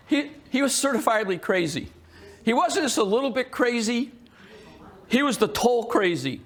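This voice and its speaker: A man with a notably high voice gives a history talk to a live audience in a museum. He is jokey and animated and keeps quizzing the crowd. His delivery stays conversational and teasing throughout. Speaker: history presenter. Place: indoor museum hall with an audience.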